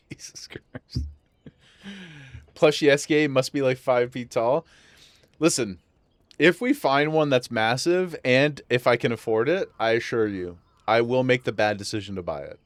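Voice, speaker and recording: Streamer, male, easygoing gameplay chatter from home, quick to laugh, reads in-game lines aloud. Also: mid-range voice, no echo. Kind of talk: casual live gameplay commentary.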